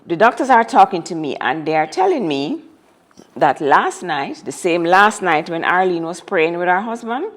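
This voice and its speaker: A woman guest recounts a personal story, and her voice sits on the lower side. She tells it dramatically and repeats key phrases to drive them home. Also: sing-song, normal speed. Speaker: interview guest. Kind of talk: telling a personal story in conversation.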